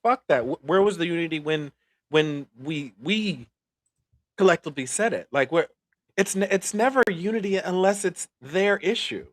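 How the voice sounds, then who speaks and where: Blunt high-voiced man, dry sound. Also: animated, moderate pace, no room sound. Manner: blunt, emphatic. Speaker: podcast co-host. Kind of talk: casual podcast chat.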